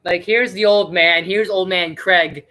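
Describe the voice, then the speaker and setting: Bright-voiced man rambling on a live stream. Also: high voice, steady tone, a little slow. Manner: rambling and chatty, with many fillers. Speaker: live streamer and movie reviewer. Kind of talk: casual live-stream commentary.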